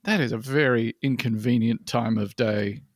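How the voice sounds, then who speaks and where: A man co-hosting a comedy podcast in casual, sarcastic chat that often swears. His mid-range voice has a gravelly edge. The sound is dry and close. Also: medium pitch, moderate pace, dry recording. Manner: joking, sarcastic, swears freely. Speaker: podcast co-host.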